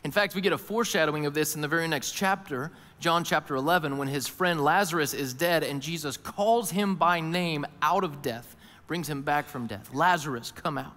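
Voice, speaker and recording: A man preaching a sermon from a church stage, his voice slightly high for a man. He swings from near-whispers to loud, emphatic bursts and acts out voices in the first person. A long reverb from the hall trails each phrase. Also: normal speed. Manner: shifts between hushed intimate lines and loud emphatic ones; voices Jesus and worried listeners in first person. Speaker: pastor. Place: church auditorium.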